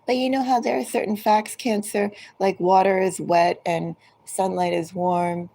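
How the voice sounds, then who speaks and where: A woman giving a collective tarot reading, speaking directly to each zodiac sign in an unhurried, musing way. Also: medium pitch, steady tone, creaky, mellow, poor audio. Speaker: tarot reader.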